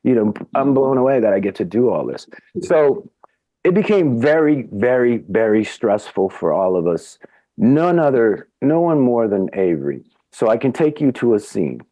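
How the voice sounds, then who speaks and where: A middle-aged man, a podcast guest, tells a casual anecdote, acting out quotes with big jumps in pitch. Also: big pitch swings, normal speed, dark tone, dry recording.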